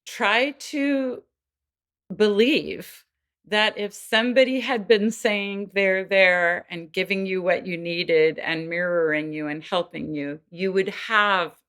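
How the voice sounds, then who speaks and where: A woman's voice: medium pitch, fairly even intonation, slow, fairly bright tone, clean tone. A woman guest on a podcast interview, explaining earnestly and acting out quoted voices now and then. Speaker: guest expert on child development.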